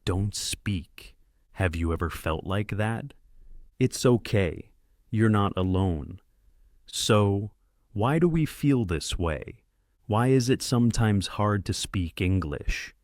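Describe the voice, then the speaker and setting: A man with a fairly low voice teaches beginner English at a very slow, careful pace. He speaks clearly and encouragingly, straight to the listener, and the recording is dry and close with no room sound. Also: expressive, a little mellow, no echo. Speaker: podcast host and English teacher. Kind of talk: slow scripted lesson for beginner learners.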